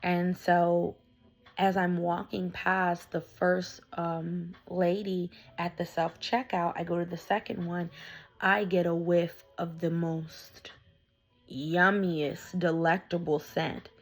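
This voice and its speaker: A woman tarot reader chatting animatedly through a casual vlog story, slangy and excited. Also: lowish voice, takes it slowly, soft background music, poor audio. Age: adult with young children.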